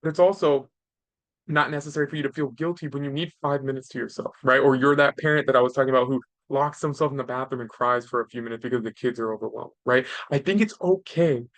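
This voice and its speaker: A man's voice: medium pitch, fast, dry recording. A man in his thirties hosting a podcast, giving casual parenting advice in an earnest way and ending point after point with "right?". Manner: earnest, tags nearly every point with "right?". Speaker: podcast host.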